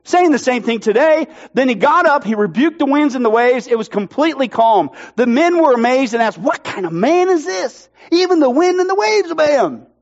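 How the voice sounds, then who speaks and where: A pastor preaching a sermon with emphatic, energetic delivery and playful jokes. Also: male voice, very high voice, a little fast, few pauses. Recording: dull lo-fi sound.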